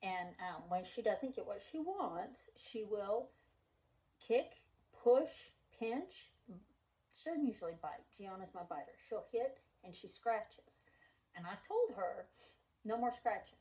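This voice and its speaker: A woman's voice: mid-range voice, sing-song, takes it slowly, mellow, far from the mic, rough recording. A middle-aged woman chatting casually as a mother and vlogger, rambling through stories and acting out the voices in them. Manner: rambling storyteller who acts out quoted voices. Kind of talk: casual chat.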